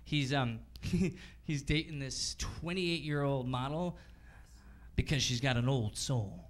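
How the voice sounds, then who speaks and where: A man's voice: mid-range voice, takes it slowly. A young adult man performing stand-up comedy on a club stage with a handheld mic, acting out characters and swearing. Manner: energetic, acts out characters, swears. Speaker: stand-up comedian and show host. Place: comedy club stage before a live audience.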